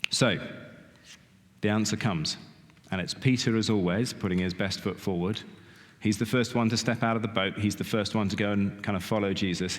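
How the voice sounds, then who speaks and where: A middle-aged man giving a sermon in a church, talking in a conversational way, often asking "okay?" and saying "kind of". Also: deep voice. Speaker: lay preacher. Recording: long reverb of a church hall.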